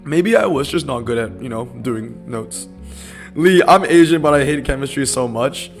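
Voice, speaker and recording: A man's voice: mid-range voice, lively intonation, moderate pace, gravelly, faint music behind. Laid-back young male game streamer. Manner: rambling, laid-back, reads chat aloud. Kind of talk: casual live-stream chat.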